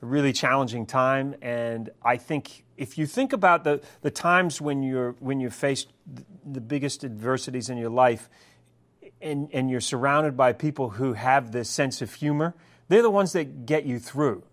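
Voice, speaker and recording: A man from New Zealand with a New Zealand accent, a guest talking in a casual, animated interview, laughing often. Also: mid-range voice.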